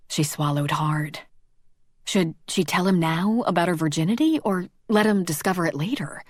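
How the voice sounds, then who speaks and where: A woman narrating a romance audiobook in a slow, measured, intimate reading. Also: fairly low pitch, animated, no echo, studio quality.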